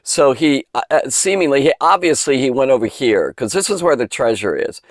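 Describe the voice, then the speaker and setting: A man's voice: mid-range voice, lively intonation, a little fast, no room sound, studio quality. Enthusiastic man teaching the Bible to kids. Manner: chatty, enthusiastic, digressive, emphatic. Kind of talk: informal Bible lesson for kids.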